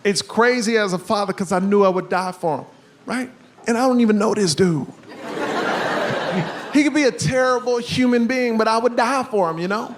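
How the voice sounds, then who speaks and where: A man's voice: high voice, moderate pace. A man performing a stand-up comedy set, telling stories and acting out the quotes. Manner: animated storytelling with acted-out quotes. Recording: stand-up recording with crowd laughter and noise. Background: laughing audience.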